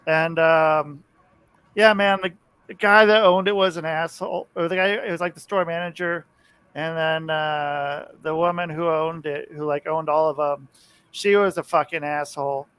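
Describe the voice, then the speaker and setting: A man's voice: fairly high pitch, fairly even intonation, normal speed, a bit bright, smooth. A man talking as a podcast guest in brash, profane banter. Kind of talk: casual chat.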